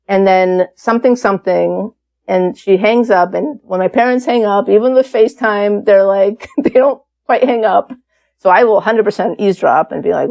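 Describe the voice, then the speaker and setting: A woman's voice: medium pitch, a little fast, gravelly, darkish tone. A woman around fifty, a podcast guest, telling a personal story in a frank, casual way, with swearing and acted-out quotes.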